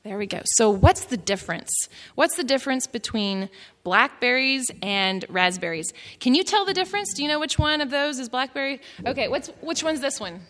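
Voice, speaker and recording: A Texan woman runs a folksy gardening class, chatty and quick to giggle at herself. Her voice is bright and a little high. It rings with the long reverb of an indoor hall. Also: expressive. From Texas. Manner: chatty, giggly, self-deprecating.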